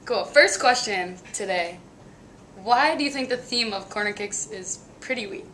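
A young woman hosts a college sports webcast, firing off joking questions and quick comebacks. Her voice is bright and mid-pitched. A faint hiss sits behind her. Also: lively intonation. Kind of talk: playful host interview.

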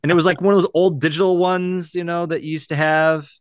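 A man hosting a podcast, reading news items and telling stories in a casual, animated way with frequent laughter. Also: on the high side, fast talker, smooth, dry recording, clean studio sound. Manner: animated storyteller, laughs often. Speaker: podcast host.

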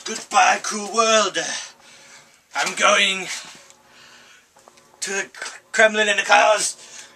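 A man's voice: high-pitched, level tone, vocal fry, pitched above the performer's own voice, full character voice. A man hamming up a dying Russian villain. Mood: melodramatic dying. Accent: put-on Russian. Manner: overwrought, drawn-out lamenting. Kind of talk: amateur comedy spoof acting. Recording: distant mic, faint hiss.

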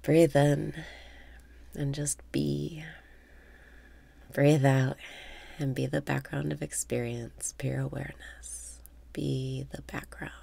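Woman guiding a meditation, super low gravelly voice, half whispering calmly. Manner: calm, slow, often half-whispered breath cues. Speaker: meditation guide. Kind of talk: guided meditation.

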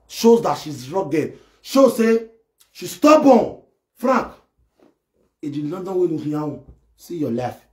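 A man doing a comic live-stream rant, excitable and mocking as he acts out imagined scenes. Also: on the high side, measured pace, pauses often. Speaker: comedy live video host. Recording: echoey room.

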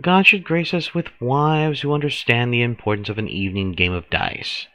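A man voicing a sly painter who coaxes a judge to a dice game, reading game dialogue slowly. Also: mid-range voice, pushed and bright, no room sound, pitched above the performer's own voice, close to an everyday voice. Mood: coaxing. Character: sly older male painter, smooth persuader.

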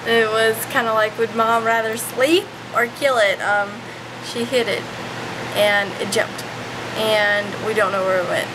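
A woman's voice: a little high, steady tone, background noise. A woman vlogging casually at home, rambling and poking fun at herself. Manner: rambling, self-mocking, quick. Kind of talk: casual vlog chat to camera. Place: home, indoors.

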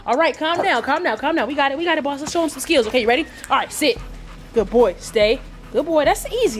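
A young woman talking straight to her viewers in a high voice, hyped and slangy. She sounds loud and playful, and soft music plays faintly underneath. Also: animated, quick pace. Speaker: vlogger. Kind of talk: casual vlog talk to camera.

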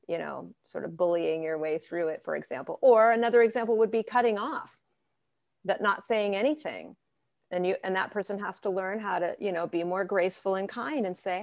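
Low gravelly woman therapist. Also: no room sound. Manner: lively, acts out clients' arguments in quotes. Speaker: therapist guest. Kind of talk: conversational interview answers.

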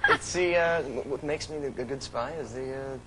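A young man in his twenties, an actor guest on a TV talk show, speaking hesitantly with many fillers and restarts. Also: normal speed. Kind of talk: casual TV interview. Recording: noisy low-quality TV recording.

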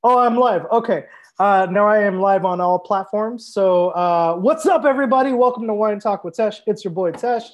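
A man's voice: high-pitched, muffled recording. A young man hosting a live wine tasting, chatting casually and talking straight to his viewers. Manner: chatty, upbeat, addresses viewers directly. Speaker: sommelier and show host.

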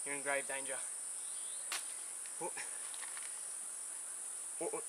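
A man's voice: a little high, steady tone, a little fast. An Australian man presenting wildlife in the field, handling a venomous snake, switching between soothing murmurs and eager explanation, sweating and a bit out of breath. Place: outdoors in bush country. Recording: outdoor field recording, loud insect noise. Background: buzzing insects and crickets.

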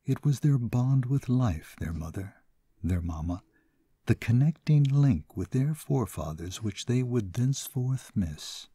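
Male narrator, somber and measured, mellow and a little husky, storybook reading. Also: mid-range voice, animated, no echo. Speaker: audiobook narrator. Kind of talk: scripted narration of a classic short story.

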